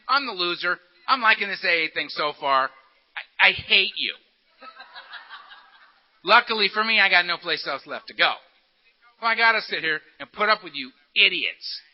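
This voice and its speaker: A man telling his recovery story to a meeting, animated and full of acted-out quotes and laughter. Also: sits high, highs cut off. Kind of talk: storytelling talk to an audience.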